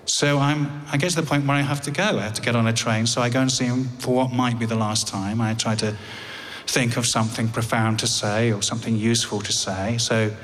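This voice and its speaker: Englishman telling a wry, halting story. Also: mid-range voice, fairly even intonation, a bit bright, long reverb tail. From England. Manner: halting, wry, repeats words. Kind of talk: live personal storytelling.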